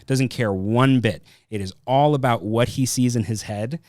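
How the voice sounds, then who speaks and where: A man's voice: mid-range voice, normal speed, a little mellow, no room sound, studio quality. A man hosting a casual film review podcast, rambling and thinking aloud as he tells a story. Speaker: podcast host.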